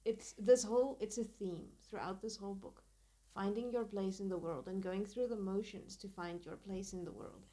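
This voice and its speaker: A woman's voice: mid-range voice, fairly even intonation, moderate pace, few pauses, dark tone. Gushing woman book editor chatting. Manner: gushing and enthusiastic. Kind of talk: casual podcast book chat.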